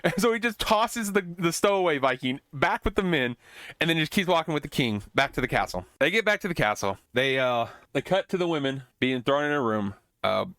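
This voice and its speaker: A man's voice: on the high side, animated, fairly quick, fairly bright tone, no room sound. A man hosting a podcast, casually recapping a film in a rambling way with many restarts. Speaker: podcast host.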